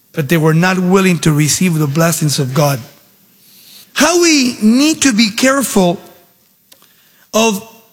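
A man preaching a sermon, with animated, sing-song emphasis and dramatic storytelling, in a church hall. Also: high-pitched. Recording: long reverb of a large hall.

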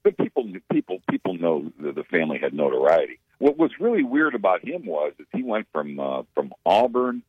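Deep-voiced, animated male co-host who rambles; dull radio audio. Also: fairly quick, few pauses, slightly rough, no echo. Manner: rambling, hesitant with many fillers. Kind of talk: casual sports chat.

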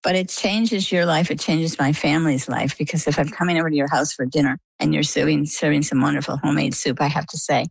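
A woman's voice: sits low, steady tone, fast, gravelly, hardly any pauses, husky, no room sound. An older woman from coastal Maine, guest in an interview, chatty and vivid as she retells events with quoted dialogue. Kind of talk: conversational storytelling.

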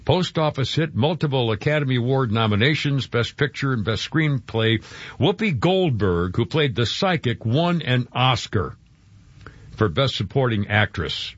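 A man's voice: mid-range voice, big pitch swings, normal speed, slightly rough, dry recording. A man hosting a radio show, chatting in a rambling way and stumbling over his words. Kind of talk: morning radio chat. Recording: dull, dry radio broadcast.

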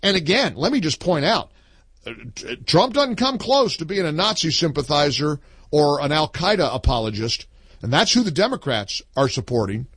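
A man's voice: on the high side, sing-song, normal speed, fairly bright tone, husky, dry recording. A man hosting a talk radio show, emphatic and opinionated, taking calls. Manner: emphatic, reads a listener's post aloud with punch.

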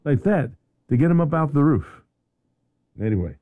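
A man's voice: a little high, normal speed, no room sound, phone-quality sound. A man hosting a radio talk show in a studio, chatting casually and often repeating words as he goes. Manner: animated, repeats words and restarts.

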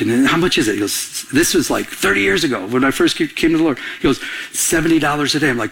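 A man's voice: medium pitch, expressive, quick pace, vocal fry, fairly bright tone, breathy edge. A middle-aged man preaching a sermon, telling a personal story and acting out both sides of the conversations. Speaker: pastor.

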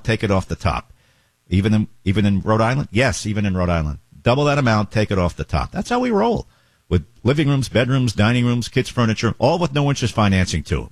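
A man with a husky, low-set voice hosts morning radio at a rapid clip. He reads ads in a brash, joking way, ad-libbing as he goes. The sound is close and dry. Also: dry recording. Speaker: radio show host. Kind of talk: morning radio talk and live-read ads. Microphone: close studio microphone.

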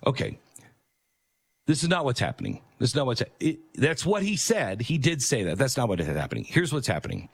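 A man's voice: medium pitch, big pitch swings, fairly quick, vocal fry, breathy edge. A middle-aged man hosting a talk radio show, rambling conversationally with many fillers and restarts. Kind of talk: talk radio monologue with live ad read.

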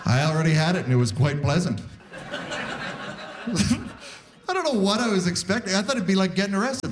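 Animated stand-up comic in his forties. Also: a little fast, pauses often. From Saskatoon, Canada. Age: 40s. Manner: animated, jumps into high squeaky voices for bits. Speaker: stand-up comedian. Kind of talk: stand-up comedy set. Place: live comedy venue with audience. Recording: live set with audible crowd noise.

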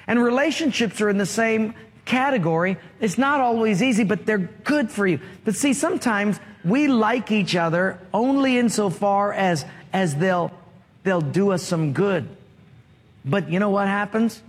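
High-voiced preacher in an echoing hall. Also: male voice, animated, normal speed. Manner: storytelling, asks the congregation questions. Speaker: pastor. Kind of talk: sermon. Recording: long reverb of a large hall.

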